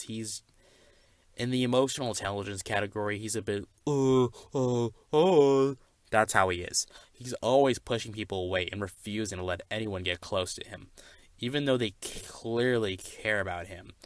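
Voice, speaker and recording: A man's voice: fairly low pitch, normal speed, no echo, close to an everyday voice. A young man voicing a smug, rambling male anime reviewer who stumbles over his words, in a comedy skit. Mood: ranting.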